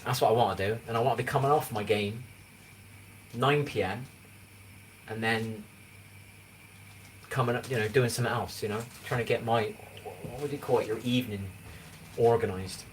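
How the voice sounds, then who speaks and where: With long pauses at a normal speed, a medium-pitched man talks casually on a livestream, rambling on and asking again and again if you know what he means. He's in his forties, from England, with an English accent. The recording comes from a distant mic and has faint noise in the background.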